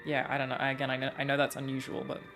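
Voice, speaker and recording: A woman's voice: extremely low pitch, monotone, very fast, music in the background. A woman, a voice actor giving chatty, reflective commentary while streaming a game. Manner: chatty, reflective, many fillers. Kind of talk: casual gameplay commentary.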